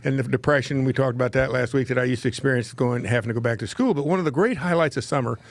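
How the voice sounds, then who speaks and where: A man's voice: mid-range voice, rapid-fire, vocal fry, no echo. A man in his seventies hosting a talk show, telling a rambling, folksy story from his childhood and laughing at his own tales. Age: 70s. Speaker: host.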